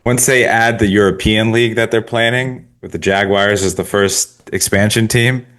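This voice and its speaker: Low-voiced wry podcast co-host. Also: male voice, fairly even intonation, fairly bright tone. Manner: wry, quick asides, laughs often. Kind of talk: casual chat.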